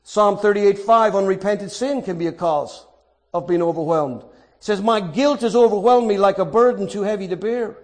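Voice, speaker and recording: High-voiced male preacher. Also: moderate pace. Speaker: pastor. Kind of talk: sermon.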